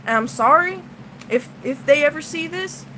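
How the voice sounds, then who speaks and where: A woman's voice: high voice, animated, moderate pace, sharp tone, a little hiss or hum, poor audio. A woman streamer venting to her chat, blunt and profane, swinging between heated outbursts and tired sighs. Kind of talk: casual livestream venting.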